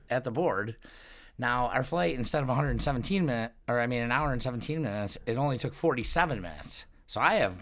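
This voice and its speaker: A man's voice: mid-range voice, a bit bright. Laid-back, profane man telling a story. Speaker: podcast co-host. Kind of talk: casual storytelling.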